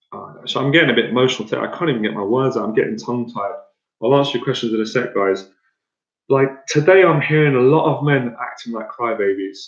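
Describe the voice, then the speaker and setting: A man's voice: medium pitch, brisk. A man coaching an audience in a blunt, rambling way, often repeating himself and restarting his sentences. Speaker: dating coach. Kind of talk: motivational talk to an audience. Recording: echoey room, dull lo-fi sound.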